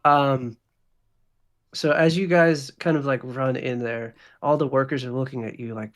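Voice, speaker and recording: A man's voice: medium pitch, fairly even intonation, normal speed. Man as game master, rambling casual narration. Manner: casual, loose narration full of fillers. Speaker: dungeon master.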